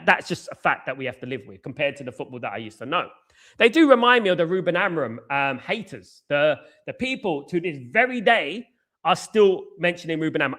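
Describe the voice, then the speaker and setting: A man's voice: fairly high pitch, fairly bright tone. A young man from England, hosting a live football stream and ranting passionately, with mocking jabs at rival fans. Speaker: football channel host.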